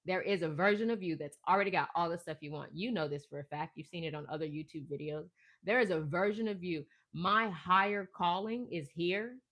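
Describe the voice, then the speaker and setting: Give me a woman with a fairly low voice giving a rambling, passionate spiritual pep talk that swings between soft and loud. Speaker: spiritual live-stream host.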